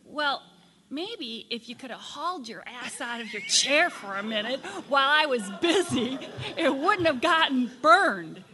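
A woman's voice: sits high, big pitch swings, normal speed, in a large hall, a little hiss or hum. Woman reading as a weary defensive housewife. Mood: snapping. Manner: appeasing then sharp-tongued. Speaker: workshop volunteer reader. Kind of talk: reading a scripted dialogue aloud. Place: sunlit meeting room.

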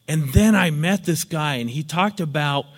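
A man's voice: fairly high pitch, moderate pace. A man voicing a pleading, self-pitying male friend who makes excuses and guilt-trips. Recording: long hall reverb.

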